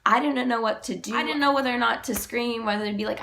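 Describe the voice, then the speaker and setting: A young woman vlogger, sick and deeper-voiced than usual, retelling a personal story in a halting, emotional way, full of "like". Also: vocal fry, sharp tone, slight background noise.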